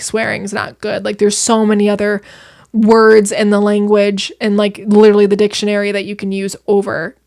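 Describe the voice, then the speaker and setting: A young woman chatting as a podcast guest, telling stories in an animated way with quick asides. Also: mid-range voice. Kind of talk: casual chat.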